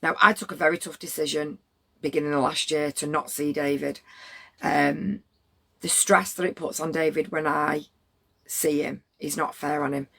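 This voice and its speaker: A woman's voice: sits low, fairly even intonation, moderate pace, gravelly, fairly bright tone. A middle-aged woman, telling a story to her livestream chat in a blunt, rambling way with plenty of swearing.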